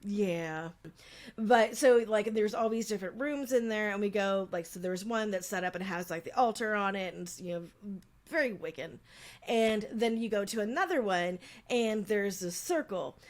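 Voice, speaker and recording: A woman co-hosting a casual podcast, rambling through a story with plenty of ums and likes. Her pitch sits in the middle range for a woman. She tells it in a loose, chatty way. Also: normal speed. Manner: chatty storytelling, frequent fillers. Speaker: podcast co-host. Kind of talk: casual chat.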